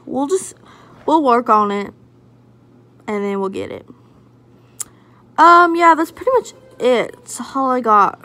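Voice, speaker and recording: A woman's voice: on the high side, lively intonation, unhurried, long pauses, pushed and bright. A young woman vlogging casually to a phone camera, bubbly and rambling, often laughing. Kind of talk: casual vlog chat.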